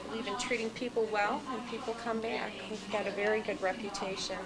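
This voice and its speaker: A woman's voice: fairly high pitch, steady tone, fairly quick, a loud crowd, poor audio. A woman hairstylist telling chatty stories about her clients. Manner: chatty storyteller. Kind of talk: casual anecdotes to camera. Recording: loud music behind.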